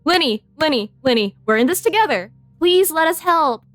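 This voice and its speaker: A woman's voice: sits high, expressive, normal speed, a bit bright, no room sound. A woman streamer giving playful, giggly commentary while she plays a game and talks back to the characters. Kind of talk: casual gameplay commentary. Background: faint game music.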